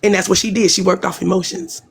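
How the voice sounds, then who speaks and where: A woman's voice: medium pitch, steady tone, fast talker, creaky, husky. A woman in a casual live audio chat, giving the host reflective advice. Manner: advising, reflective, speaks straight to the host.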